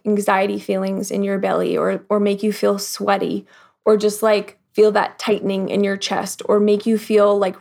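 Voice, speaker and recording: A woman guest in a casual interview, talking reflectively with lots of "like" fillers and acting out the thoughts she quotes in lively voices. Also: medium pitch, creaky. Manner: frequent "like" fillers. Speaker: podcast guest.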